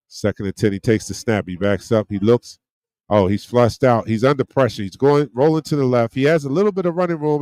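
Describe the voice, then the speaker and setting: A man giving casual play-by-play as a fan watch-along host, getting excited on big plays and chatting with viewers and friends. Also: mid-range voice, no room sound.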